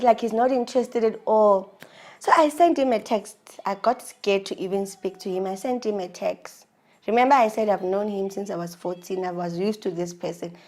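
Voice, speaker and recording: A young woman hosts her own vlog, telling a personal story in a candid, confiding way. Her voice sits in a mid register. At the tense moments she drops to a near hush. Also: mid-range voice. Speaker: vlog host.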